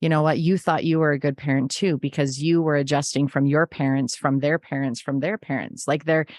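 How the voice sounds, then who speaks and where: A woman's voice: deep voice, fairly even intonation, a little fast, a little mellow, no echo, studio quality. A middle-aged woman speaking as an interview guest, earnest and reflective, often acting out remembered conversations in her telling. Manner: earnest, acts out remembered dialogue.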